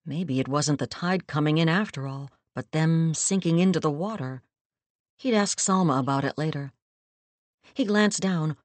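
A woman reading a story aloud in a measured, steady narrating voice, close to the mic. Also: low voice, no echo. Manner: measured, steady storytelling with quoted lines acted. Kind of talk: scripted audiobook narration.

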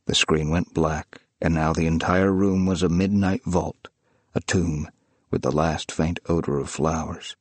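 A man reading a story in measured, descriptive scripted narration. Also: low-pitched, fairly even intonation, no room sound.

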